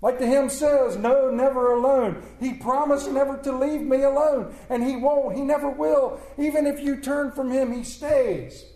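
A man preaching a sermon in an earnest manner, repeating key words and often dropping to a hushed tone. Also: extremely high pitch, fairly even intonation, normal speed, hardly any pauses, echoey room, poor audio.

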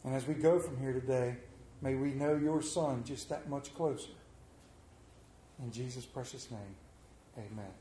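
A man's voice: mid-range voice, unhurried, long pauses, mellow. A man giving a conversational sermon as a lay preacher, telling folksy, humorous stories about his week. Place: church sanctuary. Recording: roomy echo of a church.

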